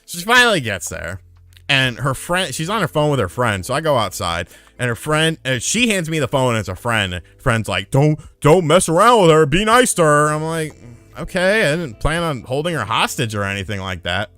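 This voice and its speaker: A young man streaming live, telling a crude anecdote in a casual, profane, animated way to his chat. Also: medium pitch, a little fast, no room sound, faint music behind.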